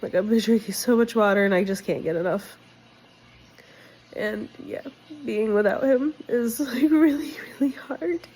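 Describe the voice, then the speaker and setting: A woman's voice: on the high side, normal speed, darkish tone, breathy edge, rough recording. A young woman vlogging casually about her life, candid and direct, emotional and sick with a cold. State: sick, congested. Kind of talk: casual personal vlog.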